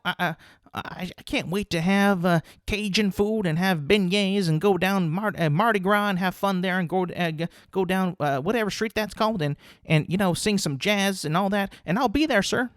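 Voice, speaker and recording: A boastful, over-the-top football coach who gushes and stammers, his voice pushed up high and bright, as a man puts him on in a comedy skit. The recording is close and dry with no room sound. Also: normal speed, no room sound. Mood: gushing. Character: gushing overeager male football coach.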